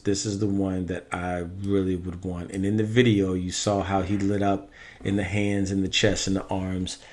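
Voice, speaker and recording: A man casually giving his opinions on Halloween animatronics in a rambling vlog, correcting himself as he goes. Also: lowish voice. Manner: chatty, rambling with self-corrections. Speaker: Halloween prop reviewer.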